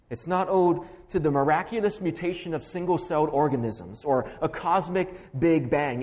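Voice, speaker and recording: A man's voice: a little high, darkish tone, big-room sound. A man preaching an expository sermon as pastor, emphatic and building through stacked, repeated phrases.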